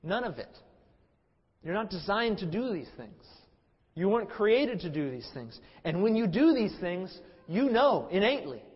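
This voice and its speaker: A pastor in his thirties preaching with passion, his fairly high voice rising to loud emphasis and then dropping to a hush. The sound is a bit muffled and rings with the long reverb of a church hall. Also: big pitch swings, moderate pace, breathy edge. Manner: impassioned, swings from loud emphasis to low hush. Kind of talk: sermon. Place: church sanctuary.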